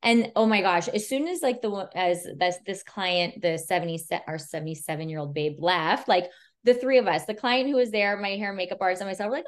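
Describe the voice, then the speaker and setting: A woman's voice: medium pitch, brisk. A woman photographer as a podcast guest, casually telling stories in a chatty way, full of "like" and "you know" and acting out what people said. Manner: chatty, filler-heavy, retells scenes with quoted dialogue. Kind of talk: casual storytelling chat.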